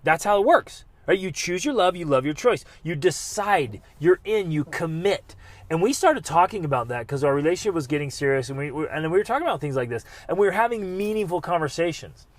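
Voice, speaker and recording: A middle-aged man hosting a podcast, telling a story in a casual, animated way with loud exclamations at the peaks. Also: a little high, brisk. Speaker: podcast host.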